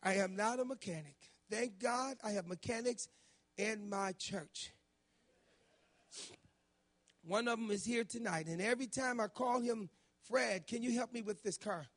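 High husky-voiced pastor preaching. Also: male voice, moderate pace. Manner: animated storytelling, rising to shouts when quoting. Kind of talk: sermon with personal stories.

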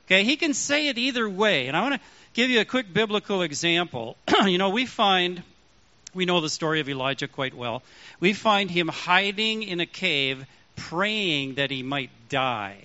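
A man, a pastor, preaching a sermon in an animated way, acting out the voices he quotes. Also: on the high side, moderate pace. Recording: dull lo-fi sound.

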